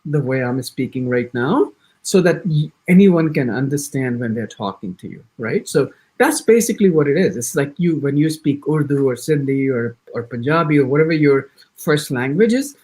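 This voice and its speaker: A man with an American accent teaches an exam-prep orientation, his voice sitting a little high and swinging up and down a lot. He talks in quick bursts, restarts sentences often, and acts out sample answers. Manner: animated, talks fast in bursts with many restarts. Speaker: IELTS instructor. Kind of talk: orientation lecture.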